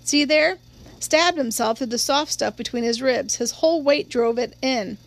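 A woman's voice: high voice, normal speed, vocal fry. A woman reading a stubborn small-town sheriff. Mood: firm.

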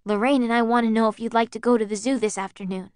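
A woman doing a nervous teenage boy, pitched a little higher and louder as he pleads and coaxes. The voice is smooth and dry. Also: steady tone, fast, no echo, lightly acted. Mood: eager. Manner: earnest, pleading, slightly raised voice.

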